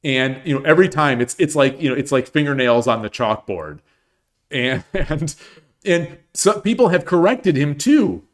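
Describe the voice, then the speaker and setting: A man's voice: fairly high pitch, sing-song, moderate pace. A middle-aged man chatting casually on his livestream, rambling with many restarts and fillers. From United States. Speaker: streamer.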